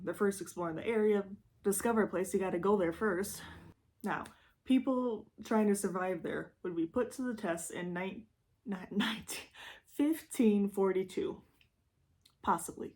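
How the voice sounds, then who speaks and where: A young woman with a Midwestern Michigan accent, telling a true-crime story in a chatty, rambling, self-deprecating way, with lively jumps in pitch for emphasis. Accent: Midwestern American, Michigan. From Michigan, USA. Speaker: YouTube host.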